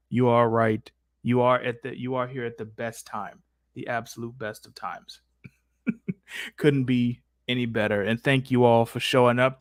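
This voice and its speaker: A man hosting a live stream Q&A, reading questions from chat in a relaxed, joking way. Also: medium pitch, dry recording, clean studio sound. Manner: laid-back, joking, reads out chat. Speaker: host.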